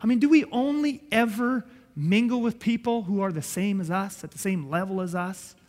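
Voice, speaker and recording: Male pastor, high voice, earnest sermon delivery, long church-hall echo. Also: normal speed. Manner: earnest, emphatic, swings from loud to soft.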